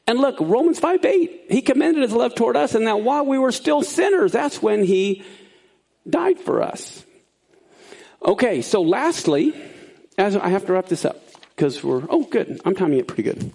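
A man teaching a sermon, explaining Bible words in an animated way that swings up high for emphasis. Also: moderate pace, vocal fry, breathy edge.

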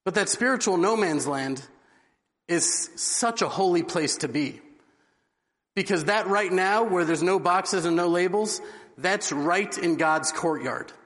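Earnest high-voiced man preaching. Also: measured pace, a bit bright. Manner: earnest storyteller. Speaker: religious speaker. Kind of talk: inspirational religious talk. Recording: long hall reverb.

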